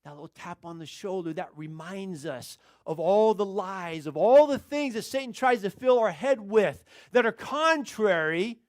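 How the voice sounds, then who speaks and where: A male pastor preaching a sermon, telling a story in an animated, chuckling way. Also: high-pitched.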